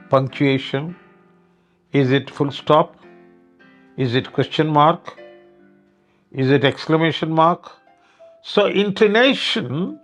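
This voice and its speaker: An older man with an Indian English accent giving a grammar lecture, speaking deliberately and acting out example sentences with varied intonation. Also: a little high. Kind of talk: classroom lecture.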